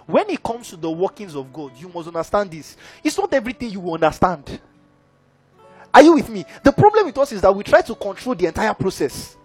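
A man's voice: sits high, big pitch swings, fairly quick, a little mellow, husky, soft background music. A man preaching a sermon, who keeps checking in with his audience. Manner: engaging, keeps asking the audience "are we together, guys?".

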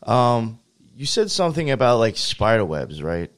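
A man's voice: mid-range voice, very animated, normal speed. A man hosting a casual podcast chat, talking loosely, swearing and often restarting his sentences. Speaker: podcast host.

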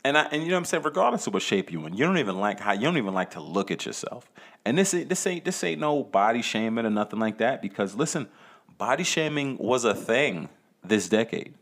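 A man's voice: medium pitch, big pitch swings, fairly quick, a bit bright. A man hosting a solo podcast, talking casually and profanely, rambling and stammering through restarts, with rhetorical questions to the listener. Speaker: podcast host.

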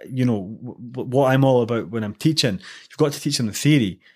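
A young man, talking casually as a guest on a chat show. He rambles through stories with plenty of "you know" and restarts, in a mid-pitched voice. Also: a little fast, a little mellow, husky. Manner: chatty storyteller with many fillers and restarts.

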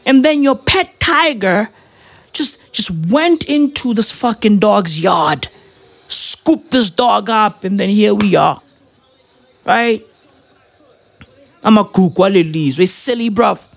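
A man's voice: sits high, slow, vocal fry, pauses often. A man giving a rambling, profane commentary full of slang and fillers. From South Africa. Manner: rambling, slangy, swears constantly, many fillers. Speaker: vlogger.

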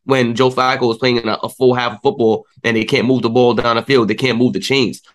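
A young man co-hosting a sports talk show, ranting in a frustrated, animated way, with many fillers. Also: medium pitch, fairly quick. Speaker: sports podcast co-host.

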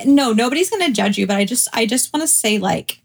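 A woman's voice: a little high, fast, gravelly, slightly rough. A woman co-hosting a podcast, telling stories in casual chat with lots of fillers. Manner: chatty, animated storytelling with many fillers. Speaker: podcast co-host; real estate agent.

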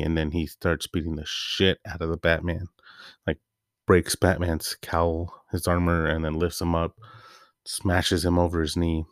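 Low-voiced man rambling casually. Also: level tone, unhurried, dry recording, clean studio sound. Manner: rambling, loose and offhand with fillers. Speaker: podcast host. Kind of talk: casual solo monologue.

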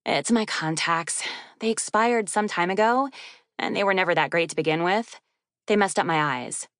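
A woman's voice: lowish voice, normal speed, no echo, clean studio sound, close to an everyday voice. A woman voicing a flustered, teary young woman graduate student who stammers and makes fun of herself. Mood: sheepish. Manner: stammering, self-deprecating. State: crying.

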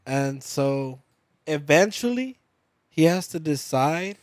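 A young man co-hosting a podcast, telling a story in loose casual chat, swearing freely and dropping soft and low when the story gets emotional. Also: expressive, takes it slowly, no echo. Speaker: podcast co-host.

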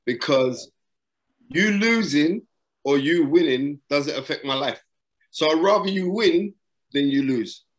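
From a lockdown hotel room, a middle-aged boxing broadcaster on an interview dispenses motivational advice, repeating himself emphatically like a preacher and mixing in street slang. He has a fairly high, animated voice and a measured pace.

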